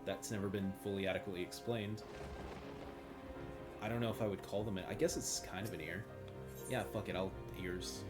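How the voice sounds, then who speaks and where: Male streamer, casual rambling chatter, swears a lot, lowish voice. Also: steady tone, fairly quick, long pauses, loud music behind the voice. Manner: rambling, swearing, self-mocking asides. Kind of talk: casual gameplay commentary.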